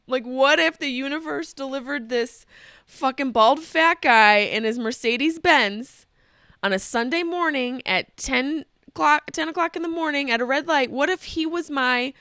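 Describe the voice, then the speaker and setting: Woman host, higher-pitched, crisp and bright, comic storyteller who interrupts herself. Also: measured pace, no echo, clean studio sound. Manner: profane, animated, self-interrupting. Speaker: podcast host. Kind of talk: comedic storytelling monologue.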